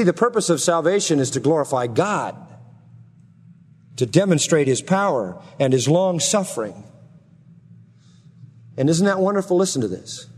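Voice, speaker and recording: Male preacher, high-pitched, emphatic sermon delivery with rhetorical questions; long reverb of a big hall. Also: darkish tone. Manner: emphatic preaching, rising high on key words, slowing to stress; asks the congregation rhetorical questions. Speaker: pastor.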